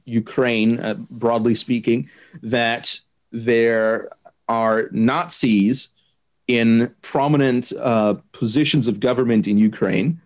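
A man answering interview questions, laying out his view in a careful, measured way and pausing often with hesitant fillers. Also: mid-range voice. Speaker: interviewee explaining politics. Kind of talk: unscripted explanatory interview.

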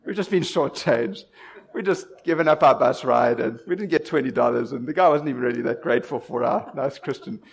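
Brief: a preacher playing his exasperated young male friend, blunt and wry, middle-pitched voice. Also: fairly quick, vocal fry, lightly acted.

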